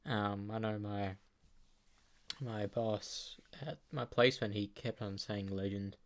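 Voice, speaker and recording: A man's voice: fairly low pitch, steady tone, takes it slowly. A young man chatting casually in a laid-back way. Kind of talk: casual chat.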